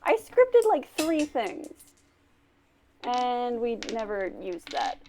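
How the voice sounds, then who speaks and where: A woman's voice: on the high side, big pitch swings, slow, a little mellow, a little hiss or hum, rough recording. A woman running a tabletop game as game master, dry and self-mocking.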